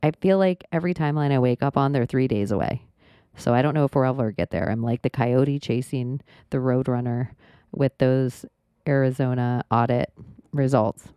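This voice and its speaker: A woman hosting a podcast, rambling casually with frequent swearing and animated outbursts. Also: very deep voice, normal speed, clear, resonant tone, no room sound, clean studio sound. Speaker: podcast host. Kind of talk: casual monologue.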